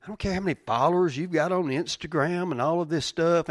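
Preaching fast in a down-to-earth, folksy style, this pastor's voice sits somewhat high. He hammers points with repeated phrases and shifts from loud to soft. It's recorded close and dry, no echo.

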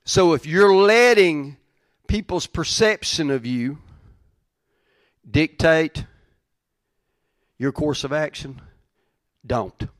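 A man delivering a sermon with a somewhat high voice, preaching in a folksy, down-to-earth way. He drives points home by repeating lines and shifting between loud and hushed delivery. The sound is dry and close, with no room echo. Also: slow, pauses often. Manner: emphatic, repeats phrases for effect, swings between loud and soft; plain-spoken, folksy preaching. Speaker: pastor.

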